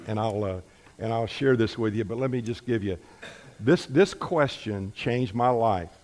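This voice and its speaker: A man preaching a sermon, telling stories with emphatic, slow, deliberate stresses. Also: on the low side. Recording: reverberant hall.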